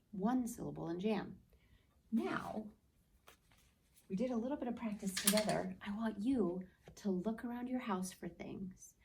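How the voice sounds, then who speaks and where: A woman teacher giving a remote lesson to young children, speaking slowly and clearly, modeling words and answers for the class. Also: medium pitch, mellow, a little hiss or hum. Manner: slow, clearly spoken teacher voice.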